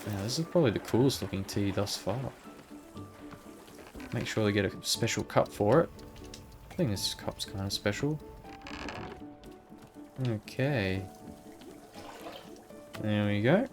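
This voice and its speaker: A man's voice: fairly low pitch, animated, a little slow, long pauses, music in the background. A man giving casual, muttering running commentary as he plays a video game. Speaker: gaming video host. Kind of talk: casual let's-play commentary.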